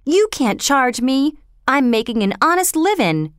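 A woman voicing a poor young flower girl with a thick Cockney accent, loud and complaining, dropping her g's. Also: on the high side, big pitch swings, unhurried, no echo, clean studio sound. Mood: indignant.

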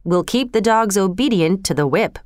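A woman voicing a cruel, cold aristocratic marquis in a storybook reading, with a smooth, dry voice. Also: mid-range voice, expressive, normal speed, no echo, close to an everyday voice. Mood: contemptuous. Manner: cold, dismissive.

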